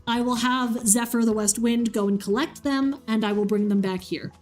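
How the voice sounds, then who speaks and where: A woman's voice: fairly high pitch, fairly even intonation, moderate pace, soft background music, close to an everyday voice. A woman voicing an invisible god husband who earnestly lays down his one rule. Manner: earnest, pleading.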